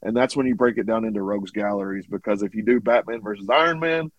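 A man's voice: fairly low pitch, quick pace, dry recording, dull audio. A man chatting casually on a podcast, rambling with many fillers. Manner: rambling, many likes and ums. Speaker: podcast host. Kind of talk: casual chat.

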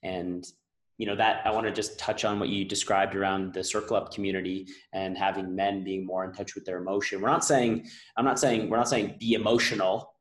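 A man's voice: deep voice, little pitch movement, fairly quick, reverberant, rough recording. A man hosting a podcast, earnestly explaining ideas with analogies in a reflective conversation. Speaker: podcast host.

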